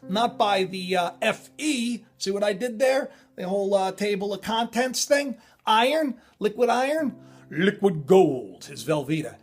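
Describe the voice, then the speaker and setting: A man hosting his own channel, talking in a rambling, excitable way full of digressions and self-interruptions. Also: high-pitched. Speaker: channel host. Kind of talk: rambling spiritual commentary.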